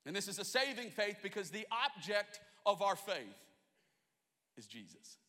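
A man's voice: high-pitched, big pitch swings, moderate pace, pushed and bright. A man in his thirties from Australia with an American accent, preaching an impassioned, rhythmic sermon in a large church. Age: 30s. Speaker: pastor. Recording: echoey large hall.

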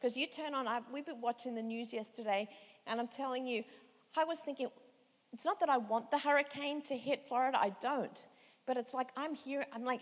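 A woman's voice: high voice, a little fast. A woman in her fifties, a pastor giving a conversational sermon with emphatic repetition, in a reverberant hall. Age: 50s. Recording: echoey hall with long reverb.

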